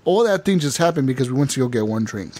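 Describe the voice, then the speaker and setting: A man hosting a casual gaming podcast, telling animated stories and laughing often. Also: medium pitch, quick pace. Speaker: podcast host. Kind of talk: casual chat.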